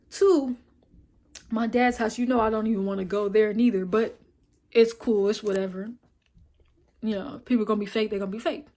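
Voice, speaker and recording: A young woman vlogging her story in a casual, blunt and profane way. She is animated and acts out the dialogue as she retells it. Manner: retells scenes with quoted dialogue and filler like "boom, boom, boom".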